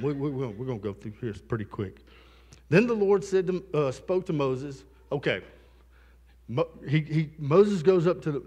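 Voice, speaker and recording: Male pastor, conversational sermon, asides to the congregation, animated pitch, reverberant sanctuary. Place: church sanctuary.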